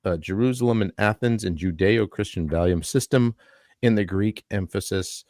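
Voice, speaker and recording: A man's voice: lowish voice, moderate pace, darkish tone, no room sound, clean studio sound. A man hosting a live-stream talk show, reading a statement aloud in an earnest way and adding his own asides. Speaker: podcast host.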